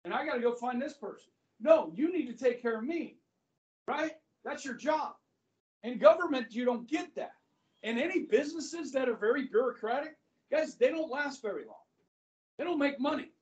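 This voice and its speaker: High-voiced teacher telling a story in class. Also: male voice, animated, normal speed, a little mellow. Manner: chatty, keeps checking in with "okay?". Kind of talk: classroom lecture with anecdotes. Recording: distant, muffled classroom recording.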